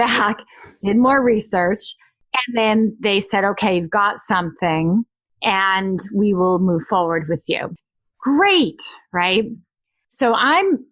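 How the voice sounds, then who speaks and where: A woman coach talks through her own story in a relaxed interview, with plenty of ups and downs in how she tells it. She slips into quoted lines with small bits of acting. The sound is dry and close, with no room echo. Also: medium pitch. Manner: animated storytelling, acts out quoted dialogue. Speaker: guest author and emotional detox coach.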